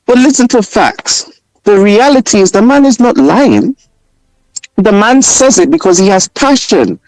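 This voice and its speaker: A man's voice: high-pitched, animated, normal speed, a little mellow, no echo, low-quality recording. A man from Trinidad who lives in England, with a Trinidadian accent, calling in to a radio talk show and preaching his point with repeated slogans. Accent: Trinidadian, living in England. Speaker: caller. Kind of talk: impassioned call-in radio.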